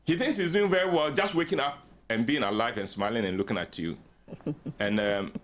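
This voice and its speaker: A radio guest, an older man with Ghanaian English, delivers relaxed counselling talk in a medium-pitched voice, a little fast. He brings his stories to life, voicing the people he quotes and chuckling often.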